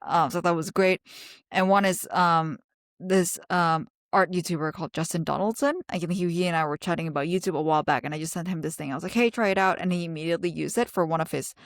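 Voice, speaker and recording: A woman's voice: on the low side, fast talker, no echo, studio quality. A woman co-hosting a podcast in casual chat, talking with plenty of fillers and laughing often. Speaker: podcast co-host.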